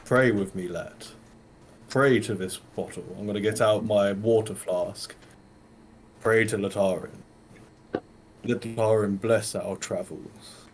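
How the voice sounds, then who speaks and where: Low-voiced holy man talking slow and gentle, a guy in character, bit of room noise. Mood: solemn coaxing. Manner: slow, solemn, coaxing. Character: earnest male cleric, coaxing and pious.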